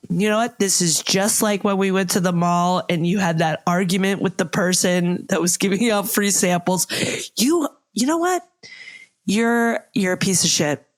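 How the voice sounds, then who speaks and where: A woman's voice: on the low side, fairly even intonation, normal speed, few pauses, natural voice. A woman playing a fed-up wife in an improv comedy scene, scolding and exasperated.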